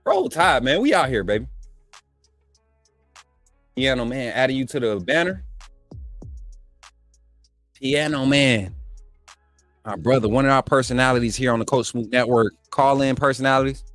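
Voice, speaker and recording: A man's voice: mid-range voice, animated, normal speed, long pauses, a bit bright, no echo, soft background music. A man with an Alabama accent hosting a live call-in sports stream, reading super chats in a hyped, trash-talking, playful way. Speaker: live stream show host.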